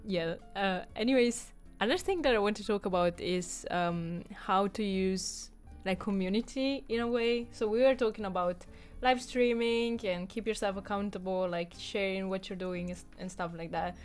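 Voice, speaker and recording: A chatty woman co-hosting a podcast, her voice sitting at an ordinary middle pitch. She talks loosely, with plenty of fillers and easy laughter, and faint music plays behind her. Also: moderate pace, hardly any pauses, smooth. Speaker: podcast co-host. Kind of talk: casual chat.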